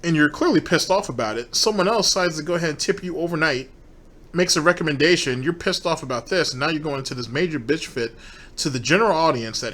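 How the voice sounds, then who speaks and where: A man delivering a profane, scornful commentary rant. His voice sits fairly high for a man. He talks directly to an audience in an angry, contemptuous way. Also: fast, fairly bright tone. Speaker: commentary streamer. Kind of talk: ranting commentary.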